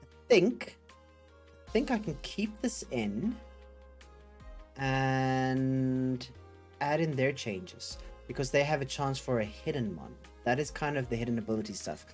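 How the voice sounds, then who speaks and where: A man's voice: medium pitch, animated, measured pace, soft background music. A man hosting a casual coding livestream, thinking aloud and chatting with viewers in a rambling, upbeat way. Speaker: livestream host.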